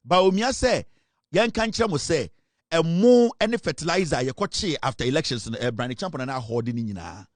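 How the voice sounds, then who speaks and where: A man's voice: fairly high pitch, animated, brisk, no room sound, studio quality. A man with a Ghanaian accent giving emphatic, dramatic political commentary, switching between Twi and English.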